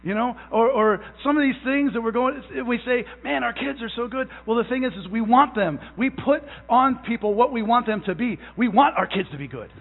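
Young male pastor, emphatic sermon delivery, halting repeats, long church reverb. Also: very high voice, lively intonation. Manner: emphatic, stretches out key words; repeats phrases, halting restarts. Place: church sanctuary. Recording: tinny phone-like sound in a long-echo hall.

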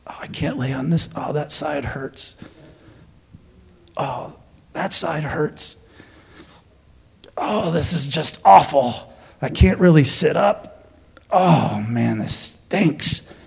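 A man's voice: very high-pitched, huge pitch swings, measured pace, few pauses, voice pushed up, exaggerated voice. A pastor acting out a beaten, complaining male prisoner who moans in pain and snaps irritably. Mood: groaning. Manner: moaning, grumbling, snaps irritably.

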